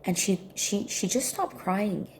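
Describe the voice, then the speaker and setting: A woman's voice: mid-range voice, a little slow, a little mellow, slight background noise. A woman sharing a personal reflection in casual talk, earnest and repeating her key points for emphasis. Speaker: spiritual healing coach.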